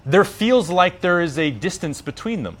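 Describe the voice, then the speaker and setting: Male yoga teacher, casual storyteller, slangy, lively pitch swings, acts out voices. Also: normal speed. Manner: slangy, animated, acts out characters.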